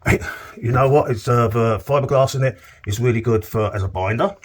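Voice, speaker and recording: Speaking briskly in a mid-range voice, this middle-aged plasterer jokes and chats his way through a cornice-work demonstration indoors on a work site. He keeps asking "okay?" along the way, over a faint hiss or hum.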